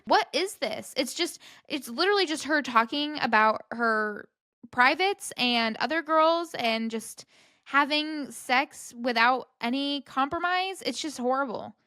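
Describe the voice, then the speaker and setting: A woman's voice: a little high, fairly bright tone, no echo, clean studio sound. A young woman hosting a podcast, chatting casually and reacting with disbelief, often cutting herself off mid-sentence. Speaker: podcast host. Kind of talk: casual commentary.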